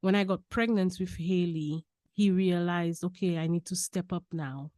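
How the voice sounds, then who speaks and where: Woman telling a lively story. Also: on the low side, moderate pace, no echo, studio quality. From Saint Lucia. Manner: lively, laughing storyteller who repeats key phrases. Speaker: podcast guest. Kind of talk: casual personal storytelling.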